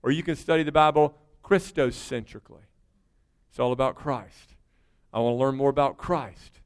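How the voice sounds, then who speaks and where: A man's voice: mid-range voice, moderate pace, clear, resonant tone. A middle-aged man, preaching a sermon as pastor in an earnest, conversational way that builds to emphatic peaks.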